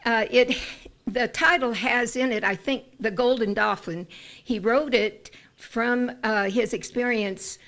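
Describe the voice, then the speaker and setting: Woman with a gravelly voice, rambly and hesitant, telling the room about a friend. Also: fairly high pitch, measured pace, a bit bright. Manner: rambling, hesitant, many fillers. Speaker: congregation member making an announcement. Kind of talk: casual announcement to a congregation.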